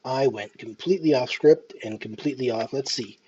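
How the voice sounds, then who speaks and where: This nervous, casual vlog comes from a Canadian man in his thirties, faintly Scottish in lilt, who talks hesitantly and self-deprecatingly with frequent restarts. He speaks briskly in a mellow mid-range voice, and the dull lo-fi home recording carries slight hiss or hum.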